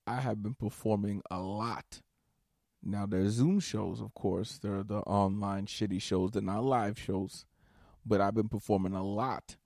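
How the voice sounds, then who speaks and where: A man's voice: mid-range voice, a little mellow, dry recording, studio quality. A man hosting a solo comedy podcast, ranting in an exasperated way, swearing and breaking into nervous laughter. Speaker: stand-up comedian and podcast host.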